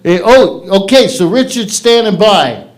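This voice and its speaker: On a theater's comedy stage, a man hosts an open mic stand-up night, speaking into the stage microphone in a crude, rambling, self-mocking way. His voice is high and expressive, and he takes his time. The live room gives the recording a noticeable echo.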